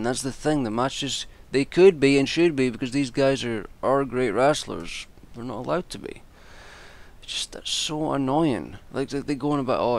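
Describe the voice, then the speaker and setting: A man with a gravelly, creaky voice rants in a loose, unscripted way. He sounds exasperated and swears freely, restarting his sentences as he goes. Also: medium pitch. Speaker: wrestling commentator and vlogger. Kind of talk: casual ranting predictions.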